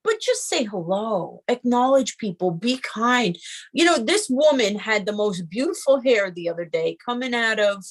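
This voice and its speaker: An earnest woman co-host with a fairly high voice who talks in an encouraging, advice-giving way. She sounds relaxed and conversational. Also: normal speed. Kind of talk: casual chat.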